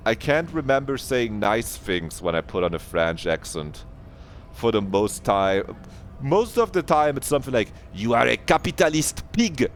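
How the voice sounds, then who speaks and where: A man's voice: fairly low pitch, slight background noise. Rambling, joking male game streamer. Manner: joking, rambling, swears, slips into silly voices. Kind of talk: casual gameplay commentary.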